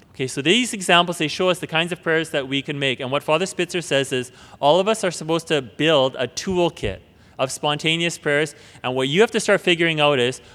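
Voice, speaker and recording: Earnest man teaching in an echoing hall. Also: fairly high pitch. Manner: earnest, repeats words and restarts, drops to a hush for prayers. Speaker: preacher. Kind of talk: spoken teaching on prayer. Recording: long hall reverb.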